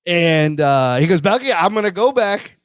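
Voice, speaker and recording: A man's voice: sits high, animated, normal speed, clear, resonant tone, dry recording, studio quality. A man co-hosting a podcast, chatting casually and animatedly as he recaps a sitcom episode, laughing often. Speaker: podcast co-host.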